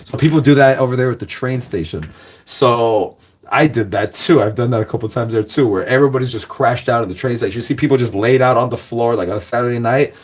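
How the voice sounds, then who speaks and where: A man's voice: medium pitch, quick pace. Rambling young man telling a story. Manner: loose and laughing, full of "like" and "guys".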